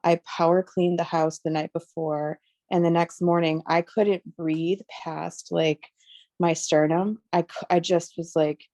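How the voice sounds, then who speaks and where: A woman's voice: fairly low pitch, level tone, measured pace, dark tone, no room sound. A woman calling in to share a personal experience, rambling with many likes and restarts. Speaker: caller sharing an experience. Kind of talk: casual chat.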